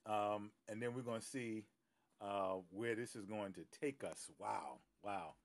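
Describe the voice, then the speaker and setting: A man's voice: on the low side, measured pace. A middle-aged man, a pastor, chatting casually on a phone live stream, greeting viewers by name with many fillers and easy laughs. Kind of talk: casual live-stream chat before a Bible teaching.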